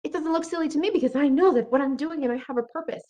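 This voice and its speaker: A woman giving an earnest motivational talk, who keeps checking in with her listeners by asking "right?" and acts out her inner thoughts in quick bright bursts. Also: high voice, highs cut off. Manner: earnest, encouraging, often asks "right?". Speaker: motivational speaker.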